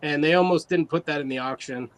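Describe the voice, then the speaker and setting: A man casually telling an animated story about his art, full of fillers and quoted asides. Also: on the high side, quick pace, poor audio. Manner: animated, loose anecdote with fillers. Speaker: guest artist.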